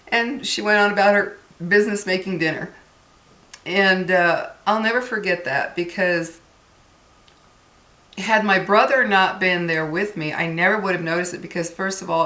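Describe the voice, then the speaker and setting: A woman's voice: medium pitch, pushed and bright. A woman vlogger telling a personal story in casual talk, earnestly addressing her viewers as "guys". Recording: echoey room.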